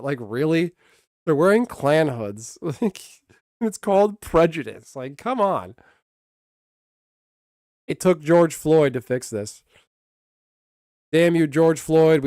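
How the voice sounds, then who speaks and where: A man's voice: medium pitch, a little mellow, no echo, studio quality. A man streaming, ranting casually and bluntly with profanity, restarting his sentences often. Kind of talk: casual livestream rant.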